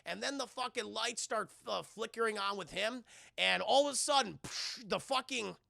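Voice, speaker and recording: Excitable young man with gravelly bright voice. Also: high voice, moderate pace, no room sound, studio quality. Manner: profane, excitable, acts out characters' lines. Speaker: streamer reviewing a film. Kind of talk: animated casual recap to live chat. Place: home streaming setup.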